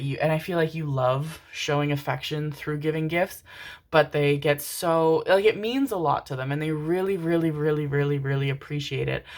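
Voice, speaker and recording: A woman giving a casual tarot reading to her viewers, rambling and emotional, calling them pet names and swearing casually. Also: low-pitched. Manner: tender, calls listeners pet names. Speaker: tarot reader.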